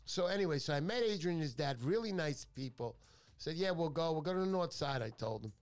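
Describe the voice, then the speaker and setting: A male radio show host with a fairly high, lively voice talks briskly, faint music playing behind him. He tells stories in a chatty, joking manner that keeps drifting off topic.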